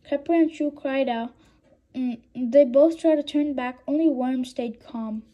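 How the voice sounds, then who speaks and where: Woman, children's book reading, high voice, slow, hesitant, stumbling. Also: dull audio. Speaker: reader.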